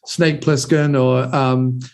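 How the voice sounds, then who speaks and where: A man's voice: medium pitch, level tone, slow, smooth. A man in his forties hosting a podcast, chatting enthusiastically and rambling about films with casual swearing. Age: 40s. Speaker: podcast host.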